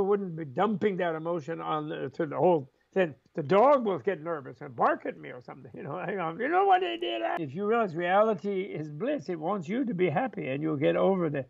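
Older man telling chuckling, animated stories. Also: high voice, a little fast, gravelly, hardly any pauses, highs cut off. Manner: chuckling, acts out voices in quotes, rambling asides. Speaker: interview guest, Buddhist scholar. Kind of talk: animated storytelling in conversation.

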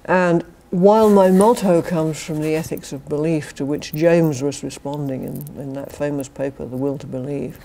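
An older British woman, a philosophy professor, lectures to a university student society in a British accent, with dry, wry humour and chuckled asides. Her deep voice is gravelly with fry and mellow in tone, fairly even in intonation, at a moderate pace with hardly any pauses.

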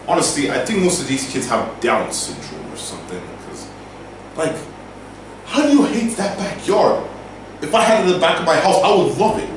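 A man's voice: on the high side, huge pitch swings, normal speed, background noise. A young man hosting a casual reaction video, ranting in an exaggerated, mocking way with goofy asides. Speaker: YouTuber. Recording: roomy, distant mic with music playing.

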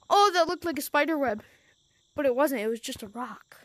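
A woman's voice: on the high side, animated, brisk. A woman commenting casually on her gameplay, jumpy and easily startled, complaining as she goes. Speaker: game streamer.

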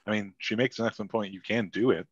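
A man's voice: lowish voice, steady tone, quick pace, slightly rough, no echo. Laid-back joking man, lo-fi mic. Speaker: player. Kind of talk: in-character tabletop play. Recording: dull lo-fi mic.

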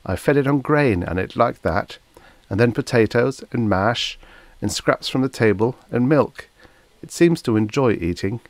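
A man's voice: mid-range voice, expressive, measured pace, hardly any pauses, no room sound, voice pushed up. A man reading as an eager young crewman. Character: earnest young male crewman, creature's owner.

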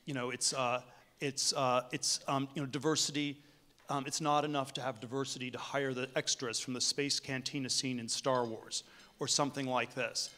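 A man giving a conference keynote speech, talking in a halting way with many restarts and fillers. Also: medium pitch, fairly bright tone. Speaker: keynote speaker. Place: hotel conference room.

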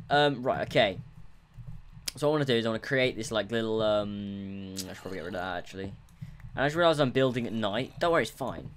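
Rambling, self-mocking gamer, lowish voice. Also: male voice, lively intonation, fast talker, a little hiss or hum. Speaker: let's play gamer. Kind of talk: casual gameplay commentary. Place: room at home, others in the house.

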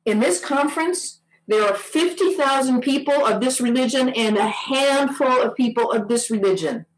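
A woman's voice: high voice, normal speed, echoey room, slight background noise, voice pushed up, lightly acted, rough recording. Woman quoting a firm, scolding panelist. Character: firm Muslim man on a panel.

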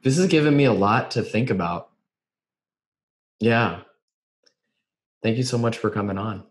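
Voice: mid-range voice, animated, unhurried. An interview host who listens attentively, answering with frequent affirmations. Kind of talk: interview conversation.

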